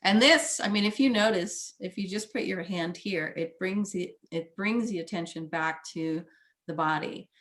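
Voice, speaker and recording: Gentle soothing woman therapist. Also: on the low side, normal speed. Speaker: therapist guest. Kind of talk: casual conversation.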